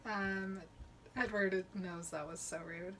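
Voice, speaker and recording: A woman co-host talks through a book chapter in relaxed, chatty podcast banter. Her voice is bright and sits at a middle pitch, and she often laughs and slips into quick mock voices for the characters. A faint background noise hums under the recording. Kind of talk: casual chat recapping a book.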